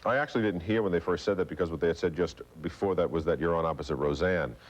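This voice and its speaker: A man from New Orleans with a smooth standard American accent, telling stories quickly and chattily as a guest on a late-night talk show. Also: low-pitched. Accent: General American, trained out of a New Orleans accent. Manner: fast, chatty storyteller. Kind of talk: casual chat on late-night TV. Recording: dull broadcast audio.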